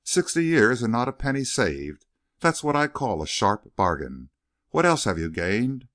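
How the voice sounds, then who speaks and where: A man reading an audiobook, voicing a shrewd, blunt male gambler who fires off brisk, probing questions. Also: medium pitch, very animated, a bit bright, dry recording, studio quality.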